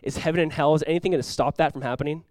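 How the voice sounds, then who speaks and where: A male pastor preaching a sermon with lots of energy, acting out quoted voices with big jumps in pitch and volume. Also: steady tone, very fast, darkish tone, no echo.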